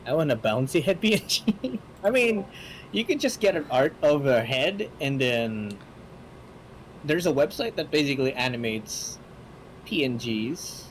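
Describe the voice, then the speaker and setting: A man guesting on a stream, joking and chatting with frequent laughs and halting restarts on a desk mic. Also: medium pitch, animated, a little hiss or hum, poor audio. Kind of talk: casual stream chat.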